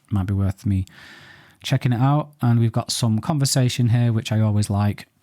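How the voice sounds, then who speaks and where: A man's voice: fairly low pitch, moderate pace, mellow, no room sound, studio quality. A man hosting a photo reaction show, chatting casually and thinking aloud with playful banter. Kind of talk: casual commentary on viewer photos.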